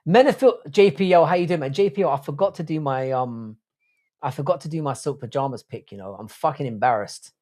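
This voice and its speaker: A man's voice: on the high side, expressive, brisk, darkish tone. A man hosting a casual livestream chat, rambling and swearing, often restarting his sentences. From Ireland. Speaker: podcast host.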